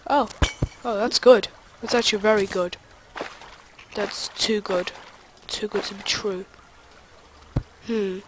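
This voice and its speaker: Young gamer chatting to themself, jumpy, mid pitched, clear hiss behind. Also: slow, long pauses. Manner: excitable, talks to themself while playing. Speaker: gaming video creator. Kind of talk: let's play commentary.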